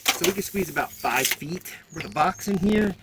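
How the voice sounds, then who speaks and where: A man's voice: high-pitched, animated, normal speed, vocal fry, very noisy. A man out of breath, chatting casually to viewers while walking around a car outdoors and talking about his plans for it. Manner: rambling, plain-spoken, addresses viewers as guys. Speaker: car audio vlogger. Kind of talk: casual walkaround vlog.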